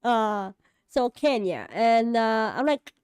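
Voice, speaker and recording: A woman's voice: fairly high pitch, animated, slow, a little mellow, smooth, dry recording. Rambling woman chatting to camera, dry sound. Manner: rambling, hesitant, many fillers and restarts; self-deprecating, laughs often. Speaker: vlogger and animator. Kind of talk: casual chat to camera.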